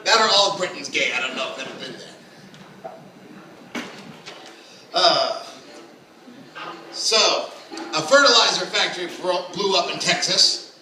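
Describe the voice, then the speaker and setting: A brash, crude stand-up comic works a small club from some way off the mic, his bright, high voice ringing around the room. He talks fast and loose and breaks now and then into shouted put-on voices. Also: slight background noise. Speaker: stand-up comedian. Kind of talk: open mic stand-up set. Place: small comedy club stage. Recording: echoey room, mic at a distance.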